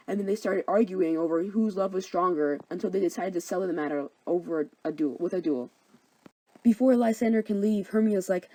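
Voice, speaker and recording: A woman's voice: lowish voice, brisk, warm tone, low-quality recording. A young woman narrating a comedic story summary in a chatty, sarcastic, slangy way.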